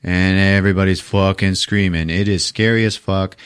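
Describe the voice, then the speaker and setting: A man hosting a podcast, retelling a movie plot in a loose, profane, animated way and laughing at his own jokes. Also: deep voice, moderate pace, clean tone. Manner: profane, animated retelling with sudden character voices. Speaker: podcast host. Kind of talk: casual movie recap.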